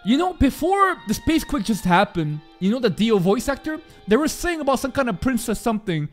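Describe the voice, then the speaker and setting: A man giving an excitable, swearing live reaction to an anime, jumping between loud outbursts and low mutters. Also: brisk, faint music behind.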